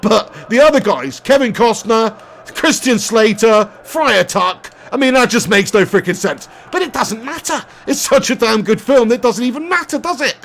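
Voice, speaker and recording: A young man talks casually through a live game stream. His voice sits fairly high, and he laughs often as he chats and reads out viewer messages. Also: animated, normal speed, fairly bright tone. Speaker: gaming streamer.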